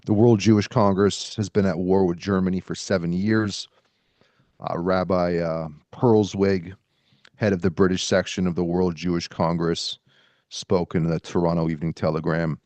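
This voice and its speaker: A man hosting a podcast in a casual, halting way, pausing as he reads from his sources. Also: low voice, flat delivery, darkish tone, no room sound. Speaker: podcast host. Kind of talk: casual podcast talk, reading quotes aloud.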